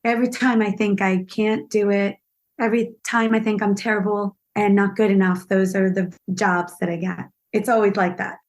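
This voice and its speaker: A woman with a mid-range voice tells stories from her acting career as a podcast guest. She is lively and self-deprecating, and she laughs at her own missteps as she goes. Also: medium pitch, moderate pace. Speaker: actress guest. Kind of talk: podcast interview storytelling.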